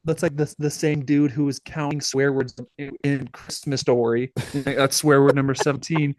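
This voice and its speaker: A man's voice: medium pitch, level tone, moderate pace, a little mellow, dry recording. Rambling man telling movie stories. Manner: rambling, many fillers, acts out quotes. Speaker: podcast co-host. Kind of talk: casual movie chat.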